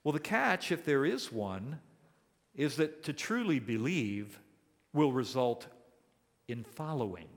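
A man in his sixties preaching a sermon, earnest and emphatic, slowing down to stress key words. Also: medium pitch, very animated, long reverb tail. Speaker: pastor.

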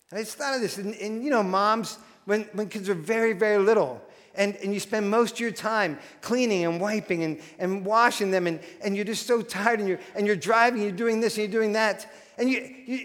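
A man preaching a sermon as a pastor, telling stories animatedly with frequent restarts. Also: sits high. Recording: long hall reverb.

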